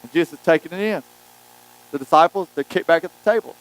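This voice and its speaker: A man preaching a sermon, telling a Bible story with lively acted-out quotes. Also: on the high side, fast talker, rough recording. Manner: animated storytelling, acting out quotes. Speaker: pastor.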